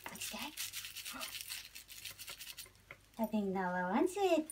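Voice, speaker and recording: High-voiced woman cooing at pets. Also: very animated, drawn-out words. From Norway. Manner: coos and sing-songs at her animals. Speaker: pet vlogger. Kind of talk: casual unboxing talk to her pets. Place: home with pets. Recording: noisy home recording.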